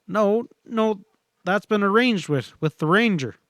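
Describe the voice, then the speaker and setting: A man's voice: high voice, expressive, measured pace, a bit bright, no echo, studio quality, voice pushed up. A man reading a western audiobook, voicing a blunt, determined young cowboy who speaks urgently and firmly. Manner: urgent, firm. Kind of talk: audiobook character voice.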